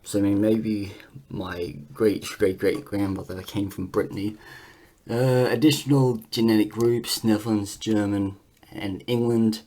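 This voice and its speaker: Low-voiced man rambling through a vlog. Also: steady tone, warm tone. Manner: rambling, halting, full of fillers and restarts. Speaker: vlogger. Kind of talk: casual vlog reading out test results.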